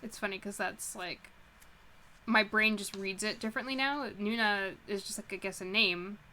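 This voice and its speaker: A woman reading a novel aloud on a live stream, pausing often to make casual comments and react. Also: mid-range voice, fairly even intonation, bright, forceful tone, slight background noise. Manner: stops to comment and react informally. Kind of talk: casual read-aloud with chatty asides.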